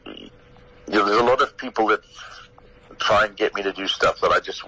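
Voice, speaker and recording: Bright, husky older South African man. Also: lowish voice, a little fast, poor audio. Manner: animated storyteller who acts out his own quotes. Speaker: comedian and radio guest. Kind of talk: phone-in radio interview.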